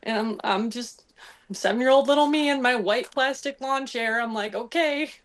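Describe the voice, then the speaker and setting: A young woman telling a hunting story on a podcast in a casual, animated way, laughing and acting out what people said. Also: a little high, moderate pace.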